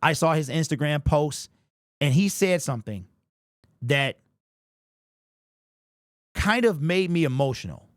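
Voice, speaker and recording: A man's voice: a little high, lively intonation, a little slow, pauses often, dry recording, studio quality. A man hosting a live sports talk stream, passionate and emphatic, visibly emotional as he talks it through. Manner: passionate, emphatic, gets worked up. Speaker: sports show host.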